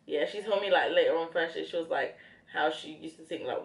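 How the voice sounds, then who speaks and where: A young woman with a low-pitched voice talks through her makeup routine in a relaxed vlog. She speaks in a reflective, rambling way, full of "like" and restarts. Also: a little fast, creaky. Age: young adult. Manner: reflective, rambling, many fillers. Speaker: beauty vlogger. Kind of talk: casual chat while doing makeup.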